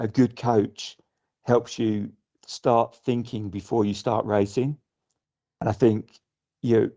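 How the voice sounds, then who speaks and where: Low, flat-voiced man. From United Kingdom. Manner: thoughtful, many restarts and fillers. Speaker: guest sailor. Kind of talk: casual podcast interview. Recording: muffled lo-fi audio.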